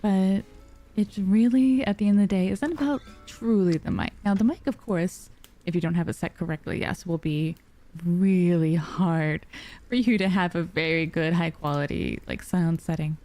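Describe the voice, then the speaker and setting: Soft-spoken sleepy woman streamer. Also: fairly low pitch, normal speed, faint music behind. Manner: soft, sleepy and calm, yawning. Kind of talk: relaxed live-stream chat. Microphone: dynamic studio mic.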